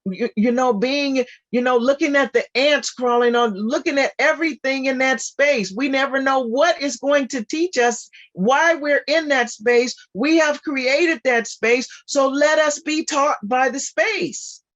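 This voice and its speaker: A guest speaker giving an informal spiritual talk on a video call, animated and repetitive with frequent laughter. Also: sits high, a little slow, few pauses.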